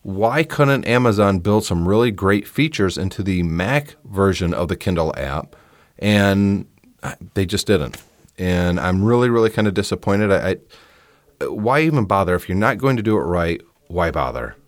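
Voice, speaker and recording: A man's voice: sits low, animated, normal speed, no room sound. A man hosting a podcast, talking casually and giving his opinions, often restarting his sentences. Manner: chatty and opinionated, with frequent restarts. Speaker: podcast host. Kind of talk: casual solo podcast talk.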